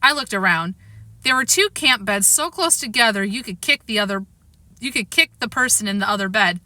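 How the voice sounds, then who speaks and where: Bright, expressive woman reading aloud. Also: medium pitch, no echo. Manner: expressive, storytelling. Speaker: audiobook reader. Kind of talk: reading a children's chapter book aloud.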